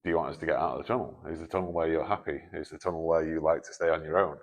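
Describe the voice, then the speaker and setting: A man's voice: very deep voice, fairly even intonation, rapid-fire, no echo. A man hosting a night ghost hunt in a canal tunnel, joking, swearing freely and calling out to a spirit. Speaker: paranormal investigator host. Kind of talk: casual chat during a night investigation.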